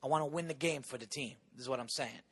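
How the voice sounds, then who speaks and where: A man from New York, a podcast guest in casual chat, talking excitedly with plenty of swearing. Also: mid-range voice, quick pace, slightly rough. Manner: excitable, profane, keeps talking over the other man.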